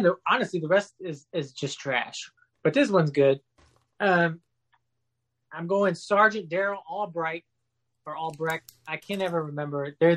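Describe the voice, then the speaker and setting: A man chatting casually as a podcast guest, animated and profane as he riffs on movies. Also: fairly high pitch.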